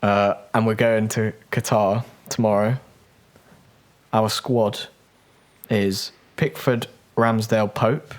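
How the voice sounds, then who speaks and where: A man's voice: on the low side, steady tone, slow pace. An English man co-hosting a football podcast, talking casually and decisively, reading out lists. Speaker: podcast co-host. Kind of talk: casual chat.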